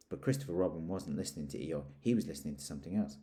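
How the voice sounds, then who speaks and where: Man, storybook reader, deep voice, very warm tone, gentle questions. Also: racing, hardly any pauses. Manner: gentle, asks the listener questions. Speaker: storyteller reading aloud. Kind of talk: storybook reading with asides to a listener.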